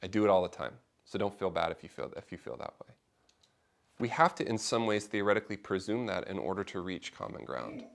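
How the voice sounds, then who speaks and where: A man's voice: sits low, fairly quick, creaky. A middle-aged man leading a faith discussion class, talking informally to a small group and acting out the people he quotes. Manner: conversational, animated, acts out quoted voices.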